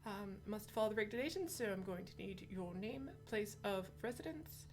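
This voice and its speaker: A woman voicing a brisk woman shopkeeper who sells birds, businesslike and dryly teasing. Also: medium pitch, expressive, faint music behind, pitched above the performer's own voice, close to an everyday voice.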